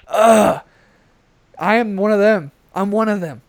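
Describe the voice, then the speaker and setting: Young male podcast co-host, brisk profane rants, smooth tone, dry headset sound. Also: sits high, no room sound. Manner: ranting, profane, animated. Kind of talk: casual podcast chat.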